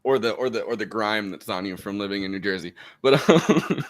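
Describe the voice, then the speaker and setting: A man's voice: lowish voice, steady tone, fast talker, fairly bright tone. An American man hosting a podcast, chatting loosely and joking with frequent laughs. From United States. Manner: loose and jokey, laughs often. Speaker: podcast host. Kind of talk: casual podcast chat.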